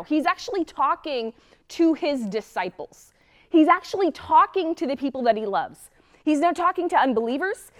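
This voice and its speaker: Earnest woman preacher, slightly high voice. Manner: earnest, asks the listener rhetorical questions. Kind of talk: sermon.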